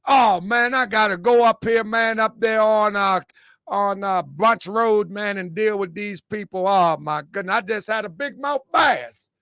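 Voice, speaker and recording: A man voicing a folksy older Southern male sheriff in overalls, with a slow, mock-stern drawl. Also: high voice, gravelly, a bit bright, clean tone, dry recording, studio quality, exaggerated voice. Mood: weary.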